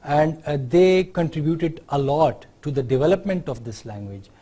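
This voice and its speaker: Pakistani male lecturer, fairly high and warm-toned voice, explanatory delivery that keeps checking in with students. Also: normal speed. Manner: explanatory, often adds tag questions to check understanding. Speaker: university lecturer. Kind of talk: university lecture.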